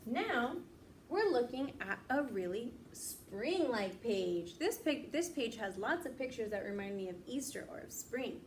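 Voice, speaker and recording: A young woman teaching young children, speaking slowly and clearly, patient and encouraging, stretching out each word. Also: fairly high pitch, very animated, a little hiss or hum.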